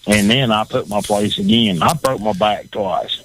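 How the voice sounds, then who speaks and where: A man's voice: on the low side, moderate pace, gravelly, fairly bright tone, slight background noise, rough recording. A man with a Southern accent, a former bull rider talking as a guest on a talk show, blunt and profane, often repeating himself. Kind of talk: casual talk show chat.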